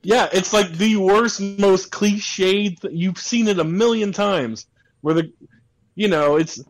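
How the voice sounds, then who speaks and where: Male podcast co-host, fired-up profane ranter, voice a bit high. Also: slow pace, low-quality recording. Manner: heated, profane, rambling with restarts. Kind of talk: casual ranting chat.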